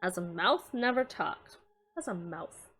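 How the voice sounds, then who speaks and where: A woman streamer with a bright, crisp voice that swings widely in pitch, working through riddles live. She mutters the clues to herself, breaks into frequent laughter and swears when caught off guard. Soft music plays underneath. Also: lively intonation, unhurried. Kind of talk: casual live-stream chat, solving riddles. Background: faint background music.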